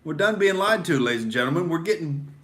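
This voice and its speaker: A man's voice: on the high side, animated, fast talker, fairly bright tone, slight background noise. A young adult male comedian ranting in character on a satirical podcast, swaggering and swearing, always calling people "dude". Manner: pumped-up, beer-drinking rant. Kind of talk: satirical bro rant in character.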